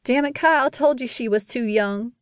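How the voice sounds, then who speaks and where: Woman narrator plays a timid mother, higher and tearful, pleading; dry audiobook sound. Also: moderate pace, clean tone, dry recording, natural voice. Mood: desperate. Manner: crying, pleading.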